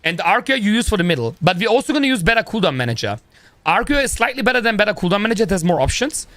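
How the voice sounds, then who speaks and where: A young man, talking in a loose, rambling, slangy way with plenty of "bro", pitched somewhat high for a man. His voice is close to the mic and dry, with no room sound. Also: sing-song, rapid-fire, fairly bright tone, no echo. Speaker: streamer. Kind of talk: casual live-stream chat.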